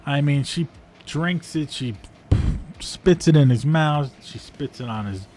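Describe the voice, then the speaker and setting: A man's voice: on the high side, measured pace, darkish tone, slight background noise. A man giving a casual, rambling review of video clips, amused and full of fillers. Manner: amused, rambling, frequent ums and uhs.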